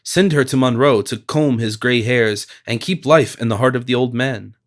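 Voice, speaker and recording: A man's voice: mid-range voice, normal speed, lightly acted. A man voicing a taunting, vengeful warrior. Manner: taunting, menacing. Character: fierce vengeful male Huron warrior.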